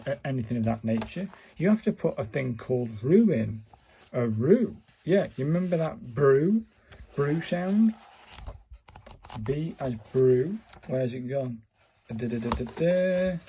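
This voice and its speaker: A man's voice: mid-range voice, mellow, a little hiss or hum. A man, chatting casually in a vlog and muttering to himself as he counts and searches. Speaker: vlogger learning Japanese writing. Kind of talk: casual thinking-aloud tutorial chat.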